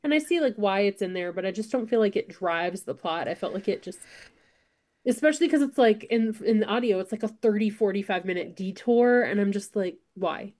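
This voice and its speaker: A woman's voice: medium pitch, expressive, fairly quick, a little mellow. A woman co-hosting a casual book chat podcast, opinionated and full of "like" fillers. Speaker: podcast co-host.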